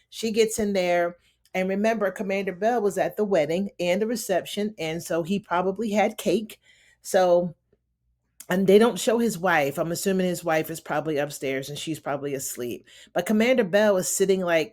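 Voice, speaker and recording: Here a woman with a lowish, slightly mellow voice gives a casual recap of a TV drama episode. Chatty and fond of calling her audience honey, this TV recap reviewer performs the characters' quotes in changing voices as she talks.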